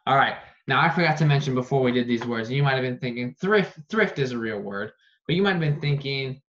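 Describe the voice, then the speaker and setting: A man teaching an online phonics lesson, saying each word slowly and repeating it for dictation. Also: mid-range voice, fairly bright tone. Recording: dull lo-fi recording.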